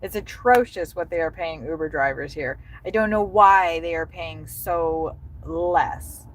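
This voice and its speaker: A woman's voice: low-pitched, a little slow, low-quality recording. A woman livestreaming from behind the wheel as a delivery driver, chatting casually and rambling, with profane road-rage outbursts. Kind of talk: casual livestream chat while driving. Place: inside a car in city traffic. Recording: loud road and engine noise.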